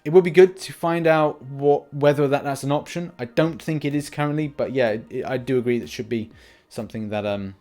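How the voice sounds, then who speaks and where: A man's voice: mid-range voice, a little fast, darkish tone, faint music behind. Rambling young man reading out comments. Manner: rambling, frequent restarts and fillers. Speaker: gaming channel host.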